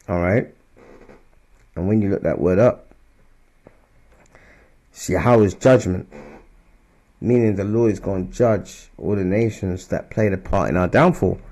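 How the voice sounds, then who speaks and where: A man's voice: lowish voice, mellow. A man giving informal scripture teaching. He talks loosely and conversationally, keeps checking in with "all right?" and "man", and raises his voice when he reads verses aloud. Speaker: religious teacher.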